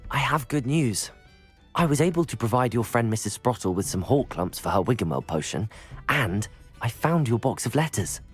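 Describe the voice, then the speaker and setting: A man's voice: medium pitch, animated, normal speed, husky, soft background music. A man voicing a polite young male student hero in a video game.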